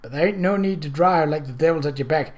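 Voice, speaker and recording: A man's voice: a little high, quick pace, natural voice. Man doing a nasal toothless old country man. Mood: cheerfully grim. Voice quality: flat nasal twang. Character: wizened toothless old rural man, cheerful.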